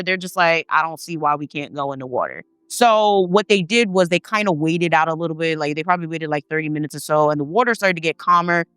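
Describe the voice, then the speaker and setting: A woman tells a family story in a loose, animated way, swearing freely and slipping into her relatives' voices. Her voice is bright and crisp. The sound is dry and close. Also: fairly low pitch, dry recording. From Haitian family. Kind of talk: casual storytelling.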